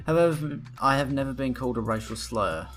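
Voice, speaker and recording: A young man talks straight into the camera in a rambling, profane rant. His voice sits at an ordinary middle pitch. Faint music plays beneath him. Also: brisk, fairly bright tone. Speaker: vlogger. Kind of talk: casual ranting to camera.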